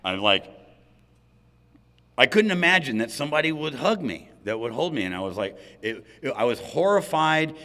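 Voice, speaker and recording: A man's voice: fairly low pitch, sharp tone. A man sharing his recovery story at a gathering, candid and funny, with asides to the audience. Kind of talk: personal recovery talk at a roundup. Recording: hall reverb.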